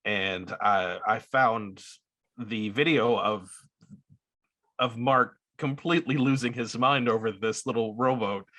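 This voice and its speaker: Guy hosting a podcast, keen fan energy, sharp bright voice. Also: mid-range voice, takes it slowly. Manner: eager fan, setting up questions. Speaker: podcast host. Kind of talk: casual podcast interview.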